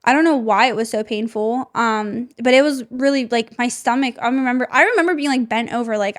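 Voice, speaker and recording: A woman's voice: a little high, brisk, few pauses. A young woman, a podcast host, telling a personal story with emotion and many "like" fillers. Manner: emotional, heavy use of "like" fillers.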